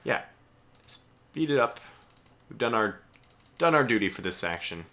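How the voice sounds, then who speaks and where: A man giving live gameplay commentary as a streamer, chatty and excitable, talking aloud to the ships he commands. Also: fairly low pitch, unhurried.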